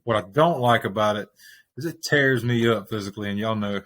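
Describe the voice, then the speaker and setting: A man's voice: on the low side, fairly quick, fairly bright tone. A man appearing as a guest on a podcast, answering in a thoughtful, casual way with many fillers. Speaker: podcast guest, small business owner.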